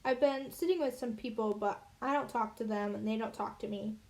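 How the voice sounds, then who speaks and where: A woman's voice: on the high side, fairly quick, a little mellow, lightly acted. A woman reading aloud as a confident schoolgirl who speaks in a direct, matter-of-fact way. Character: confident, blunt schoolgirl, friendly.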